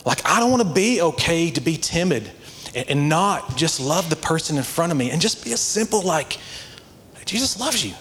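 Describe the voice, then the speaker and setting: A man's voice: on the high side, expressive, normal speed, a bit bright. A man preaching a sermon, telling a story conversationally and building to earnest, passionate exhortation. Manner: conversational storytelling with many "like" fillers.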